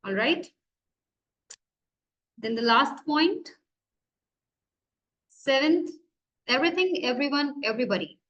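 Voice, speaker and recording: A woman's voice: high voice, lively intonation, takes it slowly, pauses often, fairly bright tone, highs cut off. A woman college lecturer with an Indian English accent, teaching grammar and asking and answering her own questions.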